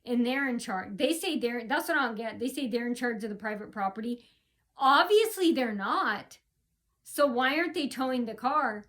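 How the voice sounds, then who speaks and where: A woman's voice: a little high, expressive, normal speed, a bit bright. A woman venting in a casual, rambling vlog rant, restarting her sentences and stressing her points. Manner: rambling, restarts often, emphatic. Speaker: vlogger.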